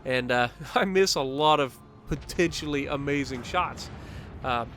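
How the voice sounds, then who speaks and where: A man giving casual commentary over his own gameplay footage, upbeat and quick to chuckle. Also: medium pitch, a bit bright, a little hiss or hum. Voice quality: chuckles often, upbeat and talkative. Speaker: gaming commentator.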